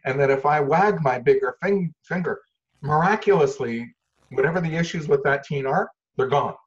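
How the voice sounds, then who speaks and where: A man from Canada, a parenting expert explaining ideas in a lively way and acting out little scenes with changing voice and volume. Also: fairly high pitch, normal speed. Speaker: parenting expert, workshop leader. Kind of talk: animated storytelling explanation. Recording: dull lo-fi sound.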